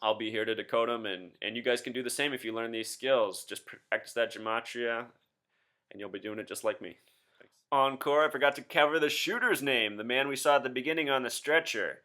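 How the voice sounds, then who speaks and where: This video host is a man in his thirties whose medium-pitched voice sounds pushed and bright. Alone on camera for a commentary piece, he addresses his audience insistently and leans on rhetorical questions.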